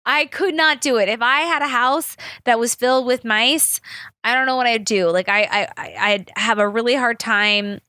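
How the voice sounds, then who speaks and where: A woman's voice: a little high, normal speed, pushed and bright, no room sound, studio quality. A young woman hosting a podcast, telling stories in a chatty, rambling way, swearing freely and acting out the people she quotes. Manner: acts out quoted people in big voices. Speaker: podcast host. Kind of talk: casual storytelling chat.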